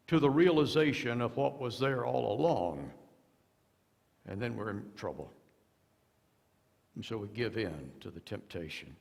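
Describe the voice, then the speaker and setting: A man's voice: medium pitch, very animated, unhurried, creaky, pauses often. A man preaching a sermon as a pastor, telling stories with quoted voices and touches of humor. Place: church sanctuary. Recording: long church reverb.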